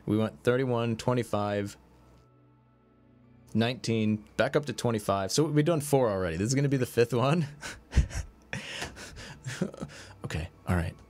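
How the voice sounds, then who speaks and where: A man streaming a mobile game, commentating his card pulls, swinging between excited hype and deflated mumbling. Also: mid-range voice, normal speed, pauses often, faint music behind.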